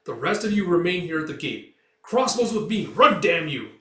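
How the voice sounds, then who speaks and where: A man voicing a male fortress commander who shouts urgent orders to his troops. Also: on the high side, animated, fast talker, voice pushed up. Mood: urgent commanding. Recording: roomy, distant mic.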